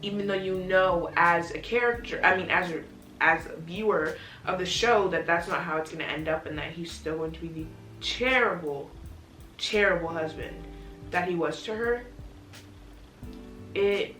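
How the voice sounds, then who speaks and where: A woman's voice: fairly low pitch, normal speed, a bit bright, distant mic. Young woman rambling about a show she loves, echoey room, music playing underneath. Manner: gushing, chatty, restarts often. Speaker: vlogger reviewing a TV series. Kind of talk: casual chat.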